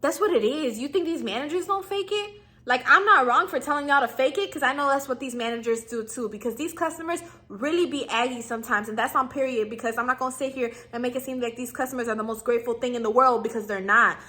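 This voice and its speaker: Young woman vlogging work tips, high bright voice, slangy and chatty, keeps doing little voices for customers. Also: fast talker. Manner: slangy and chatty, acts out customer and clerk lines. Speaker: YouTuber giving customer service tips. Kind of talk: casual advice vlog.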